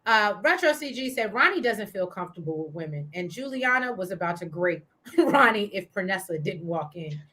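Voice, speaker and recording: A woman's voice: medium pitch, expressive, normal speed, pushed and bright. A woman co-hosting a casual TV recap show, reading viewer comments aloud and laughing as she talks.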